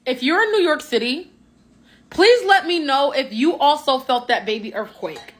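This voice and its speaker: A woman with a high voice that moves around a lot in pitch, chatting playfully to her viewers in a casual update. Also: expressive, normal speed.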